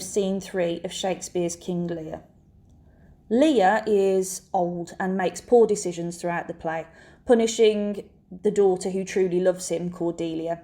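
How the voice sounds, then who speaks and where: Woman, teacher, scripted lesson narration, measured delivery, mellow voice, mid pitch.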